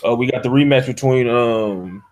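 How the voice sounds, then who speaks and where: A man's voice: medium pitch, moderate pace, a little mellow, a little hiss or hum. A man hosting a casual online hangout, talking loosely in slang with lots of "uh"s, over an online call mic. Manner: loose slangy talk with many "uh"s. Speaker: podcast host.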